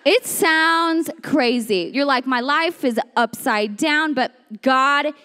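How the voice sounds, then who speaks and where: A young woman with a high, bright voice preaches in a lively, conversational way. She tells her story with energy and slips into different voices as she goes, talking to the congregation like friends. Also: takes it slowly, big-room sound. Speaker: speaker at a women's church series. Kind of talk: animated storytelling sermon.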